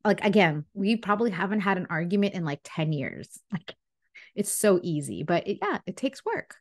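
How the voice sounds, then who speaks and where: A woman relationship coach, a guest on a podcast, talking in a casual, animated storytelling way and laughing often. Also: fairly low pitch, moderate pace. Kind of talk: casual interview talk.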